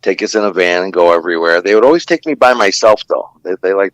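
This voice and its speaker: In a muffled recording with no room sound, a low-voiced man talks fast, telling wandering fight stories from his ring-announcing past on a podcast. His casual storytelling is packed with fillers and curse words.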